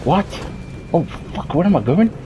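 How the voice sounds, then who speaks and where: A man's voice: fairly high pitch, sing-song, normal speed, dull audio. A young man commenting on a horror game as he plays, swearing a lot and yelping when something startles him. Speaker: gameplay streamer. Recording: game music loud behind voice.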